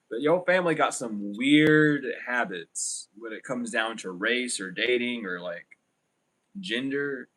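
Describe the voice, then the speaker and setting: A man's voice: fairly low pitch, fairly bright tone. A young man giving a casual tarot reading, rambling and blunt with plenty of swearing. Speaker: tarot reader.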